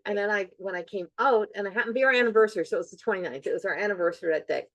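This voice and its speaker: A middle-aged woman with a mid-range voice hosts a podcast, speaking at a racing pace in a dry, echo-free recording. Her talk is a casual, reflective chat, earnest in tone, and she repeats phrases for emphasis.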